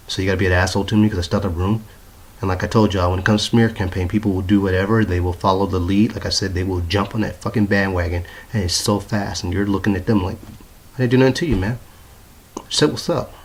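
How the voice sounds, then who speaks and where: A man records himself on his phone in an apartment bedroom. He airs a grievance to his viewers in a repetitive way and swears freely. His voice is low and husky. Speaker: vlogger. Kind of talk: ranting phone video to viewers. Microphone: handheld phone.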